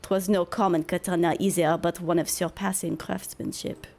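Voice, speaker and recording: A woman's voice: on the low side, flat delivery, normal speed, creaky, darkish tone, faint music behind. A woman voicing a sly, fawning male informant with a put-on mock French accent, while reading game dialogue aloud. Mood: oily, sly.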